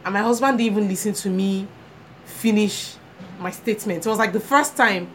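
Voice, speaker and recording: A woman tells a long personal story in a casual chat, with her voice at a middle pitch. She plays out the people in her story as she goes. A faint hiss of background noise sits behind her. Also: a little fast. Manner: animated storytelling, acts out quoted voices. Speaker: podcast co-host.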